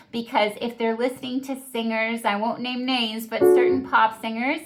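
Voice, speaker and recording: A woman's voice: on the high side, normal speed, few pauses, faint music behind. Patient woman teaching children's singing technique. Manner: patient, explanatory, practical. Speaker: early childhood music teacher. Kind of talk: instructional talk.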